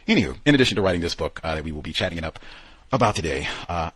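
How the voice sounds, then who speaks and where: A man's voice: deep voice, lively intonation, rapid-fire, a bit bright, breathy edge, no room sound, rough recording. A man hosting a radio talk program, telling stories animatedly with lots of quoted asides and fillers. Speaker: radio show host.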